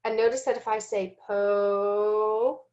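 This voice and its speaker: A woman giving a recorded teaching lesson, speaking slowly and deliberately and sounding out letters and syllables, sometimes correcting herself. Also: a little high, lively intonation. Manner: self-corrects with "excuse me". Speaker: teacher trainer.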